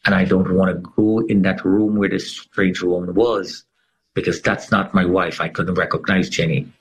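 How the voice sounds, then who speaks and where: Husky, low-voiced middle-aged man telling his story. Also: fairly even intonation, normal speed, rough recording. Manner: dramatic storytelling with sweeping pitch swings. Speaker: interview guest. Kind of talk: emotional personal testimony.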